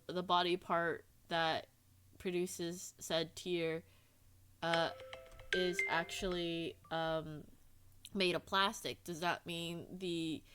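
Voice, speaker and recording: A woman's voice: fairly low pitch, fairly bright tone, clean tone. Bubbly, giggly woman streamer chatting. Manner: bubbly, giggly, playfully self-deprecating. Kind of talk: casual chat with a live audience.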